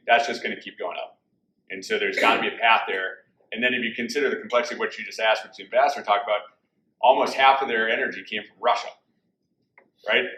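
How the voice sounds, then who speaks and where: A man moderates an audience discussion, quick and emphatic. His voice is bright and low, and it carries the echo of a big room. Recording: roomy hall sound.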